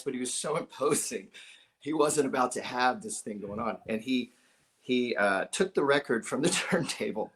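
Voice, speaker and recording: A middle-aged man from Ohio, a musician as an interview guest, telling stories animatedly, acting out the voices of the people he quotes and chuckling often. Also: mid-range voice. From Dayton, Ohio. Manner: animated storyteller who acts out quoted voices, with frequent chuckles. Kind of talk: storytelling in a conversational interview.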